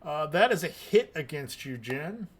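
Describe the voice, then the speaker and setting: A man narrating combat as game master of a tabletop game, in a deliberate, measured way. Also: a little high, big pitch swings, fairly bright tone, a little hiss or hum.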